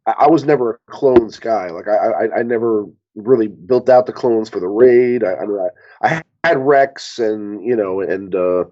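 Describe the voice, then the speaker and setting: A man's voice: lowish voice, normal speed, highs cut off. A man on a casual live Q&A panel, rambling with many stammered restarts. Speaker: panel guest.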